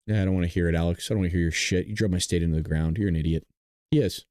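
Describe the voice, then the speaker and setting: A man's voice: sits low, darkish tone, dry recording, clean studio sound. A man hosting a reaction show, talking over clips in a mocking, sarcastic way with frequent laughs and swearing. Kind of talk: casual reaction commentary.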